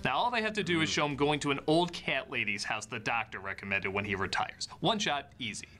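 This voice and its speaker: A man's voice: mid-range voice, animated, a little fast, bright, forceful tone. A young man narrating a scripted film review in an enthusiastic, wry way. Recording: voice-over with faint music.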